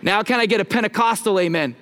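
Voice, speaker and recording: A pastor in his thirties preaching a sermon from the front of a church. His voice is high for a man, and he keeps the tone loose and playful, joking with the congregation and asking them to answer back. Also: fast talker, background noise. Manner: casual, joking, talks with the congregation. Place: church sanctuary.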